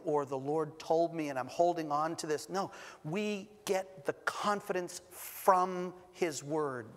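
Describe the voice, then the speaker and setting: Emphatic pastor in a reverberant church. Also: male voice, on the high side. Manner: emphatic, stresses single words with long pauses; light humor between scripture readings. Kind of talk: sermon. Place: church sanctuary. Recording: long reverb of a church hall.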